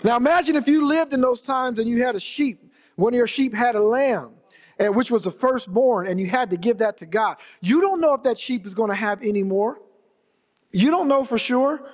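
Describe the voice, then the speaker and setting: Preaching in a church sanctuary, this pastor has an extremely high-pitched voice with a darkish tone and a moderate pace. He speaks emphatically, returning to his key phrases to give them weight, while a large hall's long reverb trails behind.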